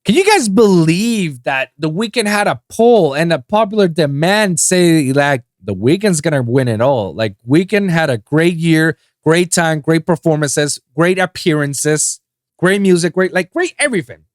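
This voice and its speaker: A man from Puerto Rico hosting a solo podcast, ranting in a casual, profane way that swings between loud outbursts and low mutters. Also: lively intonation, unhurried, dry recording, studio quality. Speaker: podcast host.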